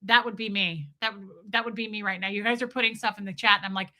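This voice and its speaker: Bright-voiced woman chatting on a livestream. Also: medium pitch, fast talker, hardly any pauses. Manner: chatty, reads chat aloud, giggly. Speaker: livestream host. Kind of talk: casual livestream chat.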